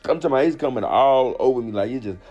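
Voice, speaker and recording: A young man telling a crude, slangy, animated storytime monologue. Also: medium pitch, quick pace.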